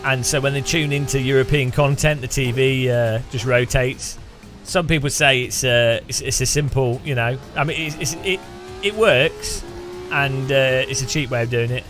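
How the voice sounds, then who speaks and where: A man's voice: medium pitch, moderate pace, a bit bright, faint music behind. A man streaming a racing game, chatting casually and teasing his viewers with jokes. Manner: teasing, joking, chatty with restarts. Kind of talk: casual gameplay commentary.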